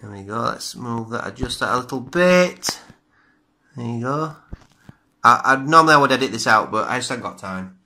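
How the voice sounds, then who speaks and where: A man's voice: mid-range voice, animated, moderate pace, sharp tone, slight background noise. A middle-aged man, reviewing beer in a chatty, rambling, self-deprecating way, recorded at home on a camera mic. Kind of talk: casual video review. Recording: roomy home room echo.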